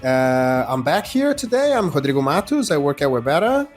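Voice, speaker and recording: A man's voice: a little high, sing-song, normal speed, soft background music. Friendly, chatty male podcast host. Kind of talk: casual podcast chat.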